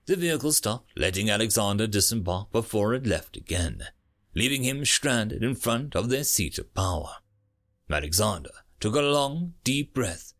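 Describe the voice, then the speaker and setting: Lively male audiobook narrator. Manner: expressive reading with lively pitch. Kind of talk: story narration.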